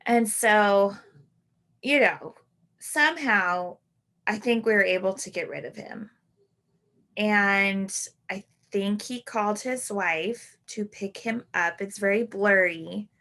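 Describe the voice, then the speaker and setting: A woman in her thirties hosting a podcast, reflecting on a personal story in a halting way, full of "like" and restarts. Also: mid-range voice, pushed and bright. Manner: halting, full of "like" and self-corrections. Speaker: podcast host.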